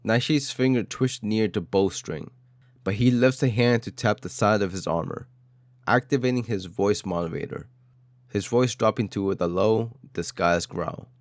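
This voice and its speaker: A man's voice: fairly low pitch, normal speed, dry recording. A man narrating an audio story in a dramatic style, with short, clipped phrases.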